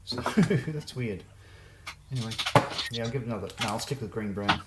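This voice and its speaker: A man co-hosting a casual live stream, easygoing and quick to chuckle. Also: fairly low pitch. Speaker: co-host. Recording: noticeable background noise.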